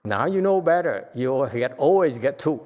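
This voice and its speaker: A man's voice: mid-range voice, moderate pace. A man, a Buddhist meditation teacher, giving a Dharma talk to a class, earnest and growing emphatic. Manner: earnest, grows emphatic and animated, with laughs. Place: temple hall. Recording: long reverb of a hall.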